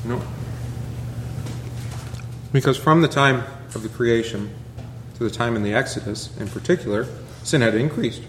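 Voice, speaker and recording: A man, a pastor, teaching a Bible class in a relaxed conversational way, peppering it with rhetorical questions and asides. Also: mid-range voice, normal speed, pauses often, roomy sound, slight background noise.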